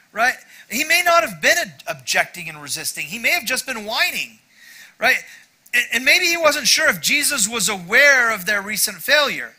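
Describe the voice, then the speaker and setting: A man's voice: very high-pitched, sing-song, moderate pace, sharp tone, low-quality recording. A middle-aged male pastor giving a sermon in a conversational, self-deprecating way, with frequent asides to the congregation.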